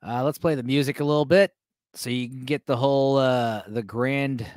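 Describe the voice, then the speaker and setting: A man's voice: medium pitch, steady tone, normal speed, darkish tone, no room sound, clean studio sound. A man hosting a casual watch-along, joking and rambling to his chat with many fillers. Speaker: host reacting to a film for a live chat.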